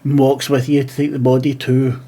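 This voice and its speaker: A man narrating as game master of a tabletop game in a plain, steady way. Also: mid-range voice, brisk.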